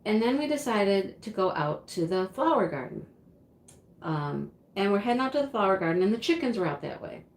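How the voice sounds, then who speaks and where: Chatty woman with a lively, animated voice. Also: mid-range voice, brisk. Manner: chatty, laughs often, many fillers. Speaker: craft channel host. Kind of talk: casual livestream storytelling. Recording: echoey room.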